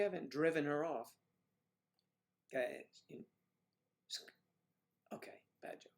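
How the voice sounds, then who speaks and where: A man's voice: fairly high pitch, slow, long pauses. A man hosting a casual livestream, chatting and teasing viewers with jokey asides. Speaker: livestream host. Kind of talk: casual chat reading viewer comments.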